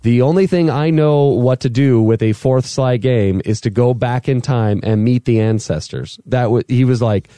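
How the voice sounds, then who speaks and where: A man's voice: medium pitch, moderate pace, few pauses, no echo. A man, a voice actor, casually telling a behind-the-scenes story and acting out what others said. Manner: animated storyteller, acts out quotes. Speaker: voice actor guest. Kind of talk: casual anecdote chat.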